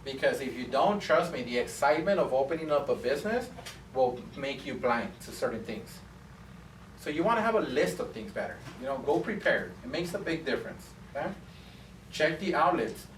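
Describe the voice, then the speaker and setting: A man's voice: mid-range voice, lively intonation, normal speed, distant mic, a little hiss or hum. Chatty man telling stories in an echoey room. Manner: chatty storyteller, acts out both sides of conversations. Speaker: barbershop owner teaching students. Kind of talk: casual classroom talk with anecdotes.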